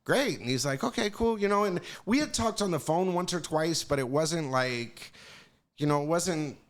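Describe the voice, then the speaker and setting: A man on a podcast telling casual stories in an animated, profane way, acting out the voices of people he quotes. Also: on the high side, moderate pace. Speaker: podcast guest. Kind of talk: casual storytelling.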